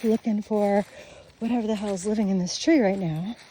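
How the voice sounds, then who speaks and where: A woman's voice: mid-range voice, fairly even intonation, brisk, mellow, slight background noise. A middle-aged woman in a blunt, profane, ranting casual monologue, filmed on her phone while walking outdoors. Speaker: vlogger. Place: outdoors on a nature walk.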